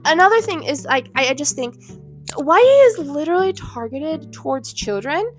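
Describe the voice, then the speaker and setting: A woman in her twenties vents on her own channel in a heated, indignant rant, blunt and quick to swear. Her voice sits high, with faint music playing quietly beneath. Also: very animated. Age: 20s. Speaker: vlogger. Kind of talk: ranting commentary to camera. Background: faint background music.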